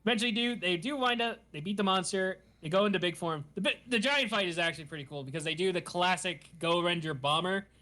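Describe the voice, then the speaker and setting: A man hosting a podcast, recapping a show in animated, giggly casual chat. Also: high-pitched, fast talker, few pauses. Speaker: podcast host.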